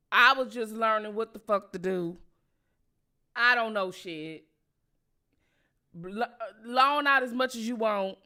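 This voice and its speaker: A woman's voice: on the high side, pushed and bright. A woman voicing an older male politician who talks in a crude, careless, profane way. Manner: grumbling, profane.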